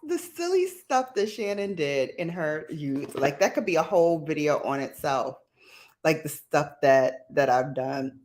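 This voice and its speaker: A woman with a low voice hosts a casual live chat. She talks at an unhurried pace and rambles from story to story. She laughs often and reads viewer comments aloud. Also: lively intonation, a little mellow. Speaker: livestream host.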